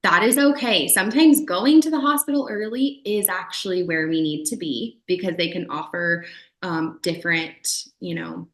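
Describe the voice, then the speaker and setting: A woman doula talking casually as a podcast guest, lively, often acting out what clients and partners say. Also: lowish voice, normal speed. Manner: animated, acts out quoted voices of clients. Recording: roomy echo.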